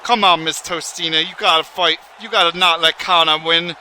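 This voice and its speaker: A man giving excitable, folksy, rambling play-by-play commentary on a wrestling video game. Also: a little high, moderate pace, a little hiss or hum, rough recording.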